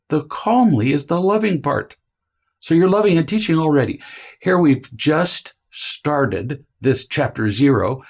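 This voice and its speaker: A man teaching parenting in a calm, deliberate coaching tone, drawing out key words for emphasis. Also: medium pitch, husky. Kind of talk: instructional talk to camera.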